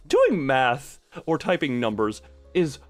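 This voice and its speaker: A man's voice: medium pitch, wildly swooping pitch, slow pace, no echo. A man chatting casually on a stream, rambling and self-deprecating, into a desk microphone at home. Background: soft background music.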